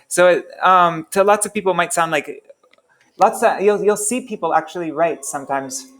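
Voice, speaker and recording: A man teaching a relaxed language class, chatty and self-interrupting, who repeats sounds over and over to demonstrate them. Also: a little high, unhurried. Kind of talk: casual online class.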